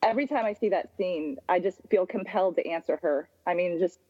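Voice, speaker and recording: A woman chatting casually, telling an excited story about spotting something in a photo. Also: fairly low pitch, brisk, dry recording, lo-fi sound.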